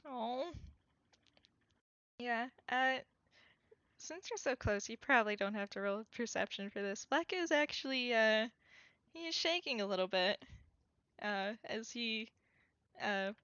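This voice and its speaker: A woman narrates her character's actions in a casual tabletop role-play, halting often and filling the gaps. She speaks slowly, her voice a touch high, and the recording is dull, lo-fi and dry. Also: expressive, fairly bright tone, no echo. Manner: halting, with many fillers.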